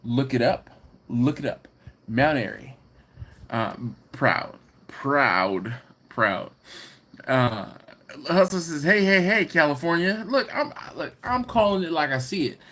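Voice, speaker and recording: A man's voice: on the high side, expressive, a little slow, fairly bright tone. A man from Philadelphia hosting a casual livestream, reading viewer comments aloud and laughing often. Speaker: livestream host reading chat. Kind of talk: casual live chat.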